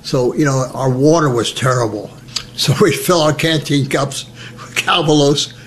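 A man's voice: mid-range voice, moderate pace, slight background noise. An elderly American man telling personal stories in a chatty, humorous way, acting out the voices of people he quotes. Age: older. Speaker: veteran interviewee. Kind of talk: personal storytelling.

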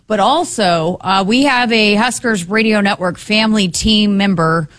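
A woman co-hosting a sports radio show in casual chat, upbeat and quick to laugh. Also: medium pitch, a bit bright, dry recording.

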